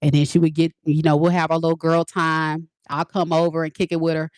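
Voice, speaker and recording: A woman, a teacher and tarot reader, casually telling her viewers a story in an animated, emphatic way, repeating lines for effect. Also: sits low, fairly quick, no room sound, studio quality. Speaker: tarot reader and spiritual advisor.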